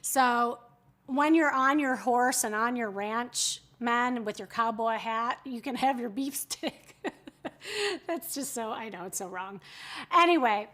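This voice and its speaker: A woman's voice: fairly high pitch, takes it slowly, fairly bright tone. A woman, hosting a live shopping stream in casual, chatty talk, often giggling and breaking off mid-sentence. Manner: chatty, giggly, self-interrupting. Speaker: livestream shopping host. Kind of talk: casual live-selling chat.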